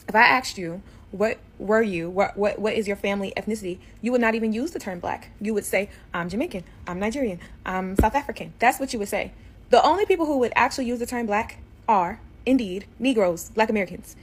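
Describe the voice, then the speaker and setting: A woman giving an emphatic, exasperated opinion monologue. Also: mid-range voice.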